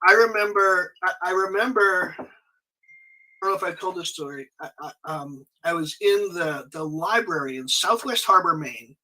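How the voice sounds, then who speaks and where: A high-pitched man with a very bright, forceful tone, speaking as a podcast guest. He tells stories in a lively way and keeps restarting and correcting himself mid-sentence. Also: moderate pace, low-quality recording. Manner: animated, frequent restarts and self-corrections. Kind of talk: conversational storytelling.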